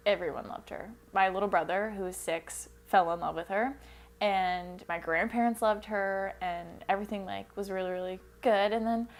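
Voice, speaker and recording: A young woman telling her story in a documentary interview, rambling and full of fillers. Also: medium pitch. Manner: rambling, lots of likes and ums.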